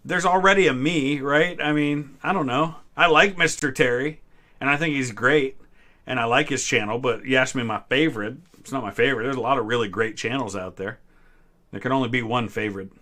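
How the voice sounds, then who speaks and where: Male host, 30s, from the US Midwest, bright tone, relaxed trivia-stream chatter. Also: medium pitch, normal speed. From Ohio, US Midwest. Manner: relaxed, answers chat questions with small hesitations. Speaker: history channel host. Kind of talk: casual live-stream trivia chat.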